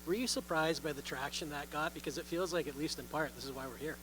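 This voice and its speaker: A male reporter with a fairly high voice fires off direct questions at a rapid clip. An audible hum sits beneath his voice. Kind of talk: interview questions.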